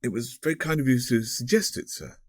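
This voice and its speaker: A man's voice: mid-range voice, fairly quick, no echo, voice pushed up, close to an everyday voice. A man doing a stammering polite young man. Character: polite, awkward young male schoolmaster.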